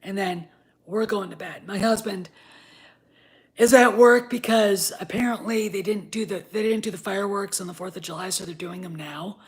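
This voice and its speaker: A woman in her fifties ranting in a casual vlog. She swears a lot and swings from low muttering to loud, heated outbursts, with wine in hand. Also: normal speed. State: drinking wine. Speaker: vlogger.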